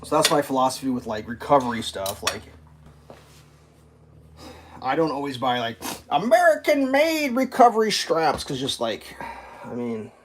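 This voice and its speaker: A man with a mid-range voice and big pitch swings speaks at a moderate pace, pausing often, with a little hiss or hum in the audio. Sitting at a breakfast table, he hosts his own channel and rants casually, rambling, swearing often, and leaning heavily on fillers.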